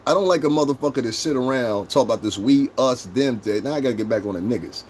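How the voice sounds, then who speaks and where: Brief: young man, livestream host, combative profane rant, mid pitch, faint noise behind. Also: fast, a little mellow. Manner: profane, combative, mocks chat commenters in high mimicking voices.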